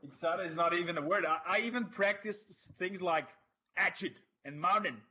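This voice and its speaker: Bright, husky, excitable man. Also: sits high, moderate pace. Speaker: player. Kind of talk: casual online tabletop session. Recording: muffled lo-fi voice chat.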